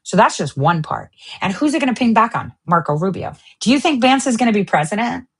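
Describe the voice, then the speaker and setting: A woman's voice: mid-range voice, very animated, brisk, slightly rough. A woman hosting a political commentary show, ranting in a heated, profane, sarcastic way. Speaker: host.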